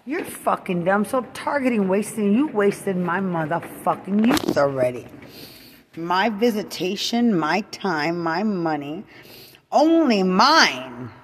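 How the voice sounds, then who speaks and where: A woman in an angry unscripted rant, profane and repetitive, swinging from loud outbursts to low muttering. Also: animated, unhurried, big-room sound, slight background noise. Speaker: mother venting to camera.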